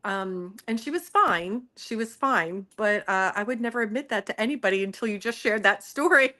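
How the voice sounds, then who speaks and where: A woman's voice: mid-range voice, animated, normal speed. A woman guest in a casual chat, talking openly with many fillers. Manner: warm, grateful, chatty with fillers. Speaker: guest contributor.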